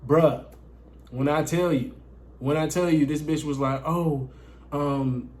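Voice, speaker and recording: A man's voice: a little high, steady tone, a little slow, a little mellow. A man telling a casual, profane story to his viewers, often addressing them as guys. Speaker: dating coach vlogger.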